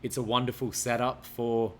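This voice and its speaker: A man's voice: mid-range voice, flat delivery, moderate pace, a bit bright, slight background noise. A man co-hosting a podcast in casual chat, laying out his opinions in a thoughtful, explaining way. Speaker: podcast co-host.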